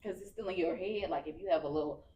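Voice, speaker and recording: A woman's voice: lowish voice, fast talker, mellow, a little hiss or hum. A woman in her thirties, a podcast guest telling her story candidly and with emotion in casual speech. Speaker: podcast guest, cancer survivor. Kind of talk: casual heartfelt interview.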